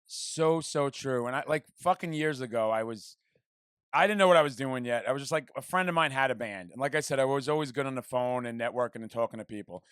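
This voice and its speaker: A man's voice: mid-range voice, fairly bright tone, clean tone, dry recording, clean studio sound. A man hosting a podcast, talking in heated, swear-filled rants during casual chat. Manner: profane, heated, fast-flowing rants. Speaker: podcast host.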